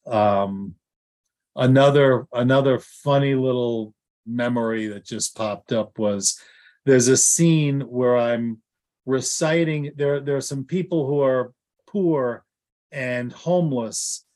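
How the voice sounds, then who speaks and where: A man's voice: medium pitch, takes it slowly, darkish tone. Man, interview guest, actor and lawyer, casual storytelling, rambling, lots of ums and restarts. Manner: rambling, with many fillers and restarts.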